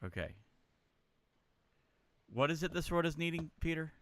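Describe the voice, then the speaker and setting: Lively, bright-voiced man player. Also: fairly high pitch, moderate pace, dry recording. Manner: playful and eager, joking. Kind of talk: casual tabletop play.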